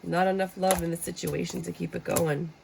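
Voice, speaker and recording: A woman gives a casual tarot reading in a low, gravelly voice. She talks bluntly and jokes as she acts out how people react. A faint hiss sits under the recording. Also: flat delivery, a little fast. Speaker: tarot reader. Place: room with a squeaky chair.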